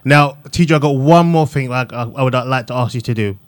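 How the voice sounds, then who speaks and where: A man's voice: medium pitch, a little fast. Enthusiastic South London radio co-host man. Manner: affirming and enthusiastic, many "yeah" and "amazing". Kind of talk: casual radio interview chat.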